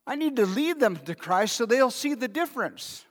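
A man's voice: very high voice, very animated, moderate pace. A man preaching a sermon as pastor, talking in a conversational way and asking the congregation questions. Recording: long hall reverb.

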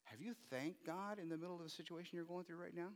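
A man's voice: a little high, steady tone, fast. A man pastor preaching a sermon, pressing his listeners with rhetorical questions. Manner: asks the audience many rhetorical questions. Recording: long reverb of a hall.

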